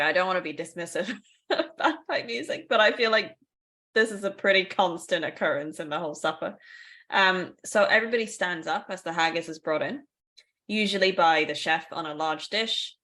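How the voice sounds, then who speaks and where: A woman co-hosting a relaxed conversational podcast, her voice sitting a little low. She explains things in a chatty, easygoing way, adding asides and light laughs as she goes. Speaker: podcast co-host.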